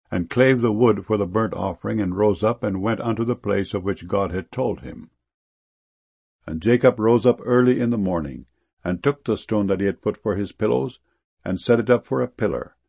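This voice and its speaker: A man reading archaic scripture verses aloud in a steady, measured way. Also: fairly low pitch, vocal fry, breathy edge, no echo.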